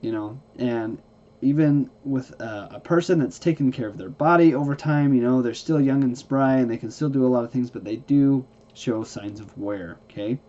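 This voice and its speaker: This warm, mid-range male voice belongs to an instructor explaining how to look after hybrid car batteries, speaking at a moderate clip. The lesson is casual and folksy, though he seems weary, yawning, restarting sentences and frequently checking "okay?" The lo-fi audio sounds a little dull.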